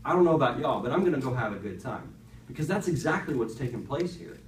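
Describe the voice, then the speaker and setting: Guy teaching a bible lesson to high schoolers, chatty and animated, echoey classroom, mic kinda far off. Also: quick pace, slight background noise. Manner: animated storytelling with rhetorical asides to the class. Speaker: youth speaker teaching a class.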